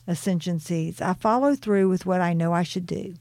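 A woman reading aloud from her own spiritual book in a soft, earnest, unhurried way, stopping for personal asides. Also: lowish voice, dry recording.

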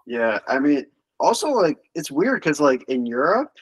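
A young man co-hosting a casual podcast, talking in a relaxed way, full of fillers like "like". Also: fairly high pitch, moderate pace, breathy edge, no room sound. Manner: relaxed, filler-heavy talk. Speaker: podcast co-host. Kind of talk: casual chat.

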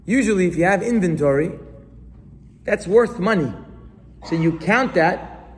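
A man giving an animated sermon, as a rabbi to a live audience, acting out questions and excuses. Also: high voice, unhurried. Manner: animated, acts out questions and excuses in different voices. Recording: long hall reverb.

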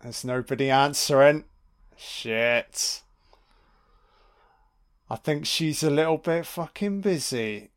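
A man's voice: on the high side, animated, moderate pace, few pauses. A man giving casual, sweary commentary on a film, talking back to the characters on screen. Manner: sweary, mocking asides to the screen.

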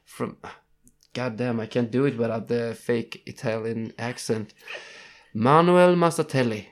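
A man's voice: medium pitch, monotone, unhurried, darkish tone. A young man co-hosting a casual podcast, reading ranking lists and tripping over foreign names. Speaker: podcast co-host.

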